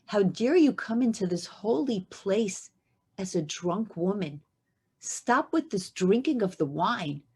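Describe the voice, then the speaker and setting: A woman voicing a stern older priest who scolds indignantly and slowly. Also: medium pitch, expressive, a little mellow, husky, heavily acted. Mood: scolding.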